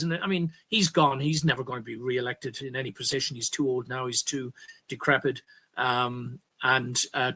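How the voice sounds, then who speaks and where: Bright-voiced Irish man ranting on politics. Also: mid-range voice, slightly rough. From Ireland. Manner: rambling, stops to correct himself, emphatic bursts. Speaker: commentary host. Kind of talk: political commentary monologue.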